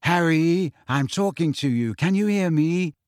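A bold teenage schoolgirl, earnest and persistent, as a man reads her. Her voice is lifted higher than his own and set in a dry, close recording. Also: unhurried, a little mellow, dry recording, lightly acted. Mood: urgent.

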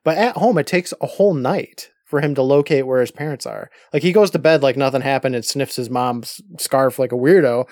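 A man's voice: medium pitch, a little fast, few pauses, a little mellow, no echo. Wry podcast man, dry close sound. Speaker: podcast co-host. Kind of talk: casual comedic movie recap chat.

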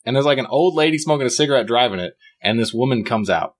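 Fast-talking young man telling a story. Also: mid-range voice, expressive. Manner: rambling storyteller, swears freely, acts out quotes. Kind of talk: casual chat with friends.

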